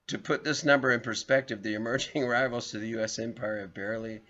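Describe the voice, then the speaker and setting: Chuckling man with a bright edge. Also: mid-range voice, steady tone, fast talker. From Southern United States. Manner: chuckles often, rambling storyteller. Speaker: video host. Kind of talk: reading an article aloud with personal digressions. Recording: dull lo-fi recording.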